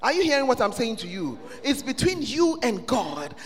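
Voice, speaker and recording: A man preaching a sermon in a church, swelling into loud, sing-song shouting. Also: very high-pitched, big pitch swings, moderate pace. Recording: long reverb of a church hall.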